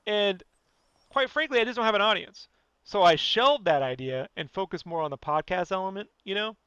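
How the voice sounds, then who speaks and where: A man's voice: high-pitched, animated, a little fast, pushed and bright, clean tone, no echo, lo-fi sound. A man hosting a podcast, ranting in a blunt, profane, rambling way and leaning on "you know" constantly. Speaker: podcast host. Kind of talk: casual podcast rant.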